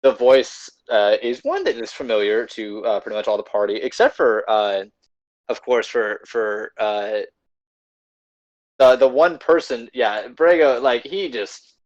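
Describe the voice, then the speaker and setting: A man's voice: mid-range voice, unhurried, dull audio. Rambling man running a tabletop game. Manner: loose, filler-heavy narration. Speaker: game master.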